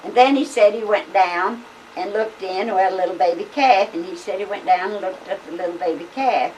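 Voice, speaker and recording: Picked up from afar by a home video camera's built-in mic, with a faint hiss, an older family storyteller rambles through her tales. Her mid-range voice is brisk and a little mellow, and her folksy, casual delivery is full of fillers.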